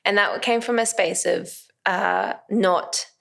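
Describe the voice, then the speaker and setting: Speaking slowly in a gravelly, mid-range voice, an Australian woman who acts and does comedy is a casual interview guest. She's animated, slipping into different voices for her stories.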